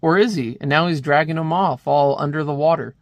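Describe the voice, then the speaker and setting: A man's voice: fairly high pitch, brisk, dry recording. Rambling casual comic reviewer, man. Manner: casual, rambling, chuckles at the panels.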